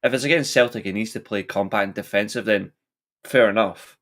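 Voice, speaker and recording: A man's voice: fairly low pitch, fairly quick, a bit bright. A man co-hosting a casual football podcast, giving blunt, heated opinions. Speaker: podcast co-host.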